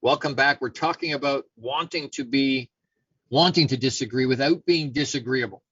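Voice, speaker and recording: A man's voice: medium pitch, moderate pace, breathy edge, no room sound. Brief: middle-aged man, self-help host, loose conversational delivery, dry muffled recording. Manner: casual, rambling, frequent restarts, animated storyteller. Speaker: show host.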